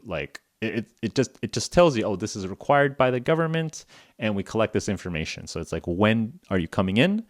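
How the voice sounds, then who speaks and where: A man's voice: fairly low pitch, no echo, clean studio sound. A man hosting a casual podcast for English learners, explaining things in a chatty way, checking in with "okay?" and acting out little phone conversations. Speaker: English teacher and podcast host.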